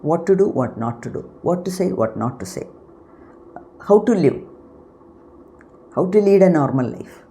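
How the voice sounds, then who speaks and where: A woman giving an unscripted spiritual talk as host of her channel, unhurried and explanatory, often pausing to search for words. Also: fairly low pitch, expressive, mellow, slight background noise.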